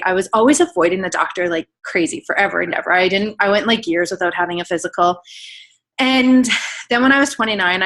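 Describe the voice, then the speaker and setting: A woman's voice: on the low side, fairly bright tone. Earnest woman telling her story. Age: 30s. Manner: casual, filler-heavy speech. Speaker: guest speaker. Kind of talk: personal testimony on a team call.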